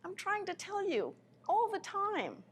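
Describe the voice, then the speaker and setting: A woman giving a live spiritual lecture in an impassioned way, her voice swinging between soft, quiet passages and sudden loud ones. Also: extremely high pitch, huge pitch swings, a little slow, slight background noise.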